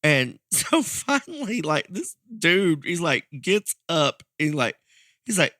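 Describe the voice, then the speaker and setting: A man telling a story on a podcast in a relaxed, chatty way, often laughing and playing out the other people's lines. His voice is bright and sits a little high, swinging up and down a lot. The sound is close and dry, with no room. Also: takes it slowly, no room sound. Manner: animated, laughing, acts out quoted voices. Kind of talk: casual storytelling chat.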